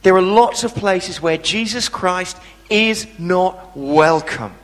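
Man, preacher, sermon, animated storytelling, questions to the congregation, high-pitched, echoey hall. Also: slow.

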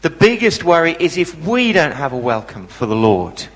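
A man's voice: on the high side, sing-song, moderate pace, long reverb tail, poor audio. A man preaching a sermon, telling a story with animation and asking the congregation questions.

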